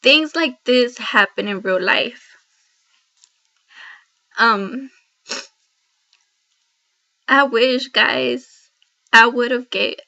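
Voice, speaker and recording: In a highish, creaky voice that sounds pushed and bright, a Christian woman talks to the camera in an earnest, rambling devotional vlog aimed right at her viewers. The built-in laptop mic makes the recording dull and lo-fi.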